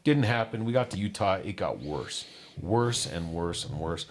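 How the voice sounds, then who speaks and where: A man telling his own life story candidly, acting out what others said and dropping low and quiet on the painful parts. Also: lively intonation, moderate pace, a little hiss or hum. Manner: candid, acts out quoted voices, drops low on painful parts. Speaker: guest. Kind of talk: personal storytelling.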